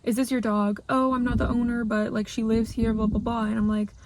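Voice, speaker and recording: A young woman from Canada tells a story straight to camera in a fairly high voice. She sounds upset and rambles, filling her talk with "like" as she goes. The delivery is casual and unscripted. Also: flat delivery, a little fast, noisy background. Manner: upset, rambling, heavy use of "like". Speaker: vlogger.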